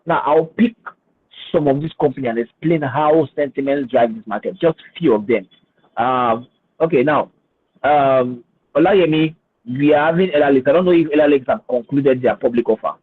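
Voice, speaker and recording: A man's voice: medium pitch, moderate pace. A man speaking as a finance guest on a webinar, hesitant and repeating words, then explaining with emphasis. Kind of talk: webinar talk with screen share. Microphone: video call. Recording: husky voice over a tinny phone-like line.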